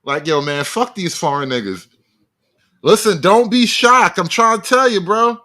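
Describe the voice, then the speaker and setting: A man's voice: sits high, animated, unhurried, sharp tone. A man reacting live to a video for his stream, cracking profane, mocking jokes as he riffs.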